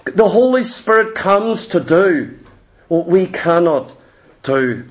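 A man's voice: high-pitched, lively intonation, slow. A middle-aged man preaching a sermon in church, telling stories with emphatic repetition. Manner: storytelling, emphatic, repeats phrases.

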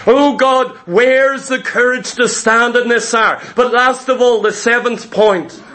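A man's voice: extremely high pitch, a little slow, sharp tone. A man preaching a fervent sermon, repeating phrases and calling out to the congregation as saints.

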